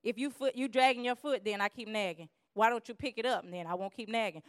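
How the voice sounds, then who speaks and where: A woman giving a lively church teaching on conflict, acting out quarrels in quick voices. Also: medium pitch, no echo, clean studio sound.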